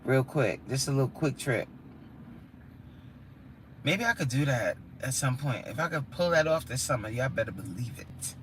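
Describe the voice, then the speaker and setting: A woman's voice: extremely low pitch, animated, moderate pace, long pauses, a little hiss or hum. A woman hosting a casual livestream from her car, chatting with viewers, exclaiming and reading their comments aloud. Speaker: livestream host.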